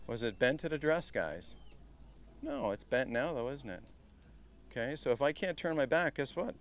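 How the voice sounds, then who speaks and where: A middle-aged man coaching a group at a live golf clinic, chatty and energetic, often turning to the group as guys. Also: mid-range voice. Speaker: golf instructor.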